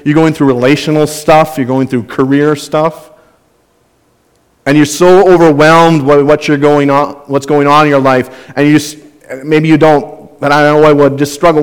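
A male pastor preaching with earnest, conversational warmth, repeating key phrases to drive them home. His voice sits a little higher than most men's. The sound carries a long reverb, like a church sanctuary. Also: little pitch movement, normal speed, clear, resonant tone. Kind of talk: sermon.

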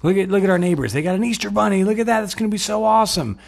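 An excited immigrant father calls his little boy over to look at something, as a man acts him out. The voice jumps well above the performer's usual pitch and sounds eager and breathless. It keeps a gravelly, husky edge. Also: rapid-fire.

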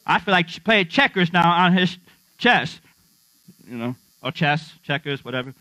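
A middle-aged pastor preaches in church with a rather high, pushed, bright voice, expressive and at normal speed. His sermon is funny and conversational, full of questions to the congregation, and the dry recording is dull and slightly lo-fi, with mains hum and no room sound.

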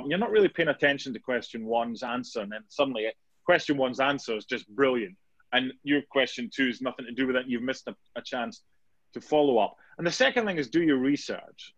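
A man's voice: mid-range voice, a bit bright, dry recording. A man, a sports reporter guest telling anecdotes in a casual interview, with many restarts. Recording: dull dry lo-fi sound.

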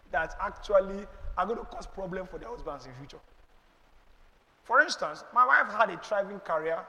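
A man's voice: high-pitched, in a large hall. A middle-aged man with a Nigerian accent, preaching emphatically and rhetorically as a pastor answering questions in a church. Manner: emphatic, rhetorical, preacherly, with sudden loud bursts.

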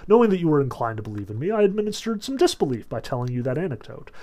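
A sly, scheming gentleman devil who needles his listener with calm confidence, as a man reads him aloud from a novel. The voice sits a little above the usual for a man. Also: a little high. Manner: read aloud from a novel, quick in spots.

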